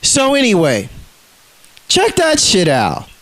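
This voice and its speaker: A man with a notably high voice rants straight to camera. He is agitated and swears freely, tripping over and repeating his words as he pushes his point. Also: huge pitch swings, takes it slowly, fairly bright tone. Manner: profane, agitated, repeats himself. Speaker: vlogger. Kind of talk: ranting monologue to camera.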